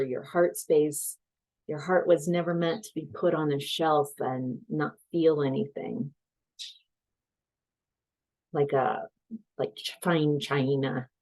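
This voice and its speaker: A woman's voice: deep voice, warm tone, rough recording. A woman tarot reader giving a casual reading, telling stories in a chatty way and laughing easily.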